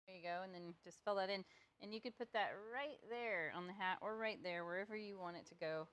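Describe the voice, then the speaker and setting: Walking viewers through a live painting lesson step by step, a woman keeps things chatty and playful and teases herself along the way. She speaks briskly in a mid-range, slightly bright voice.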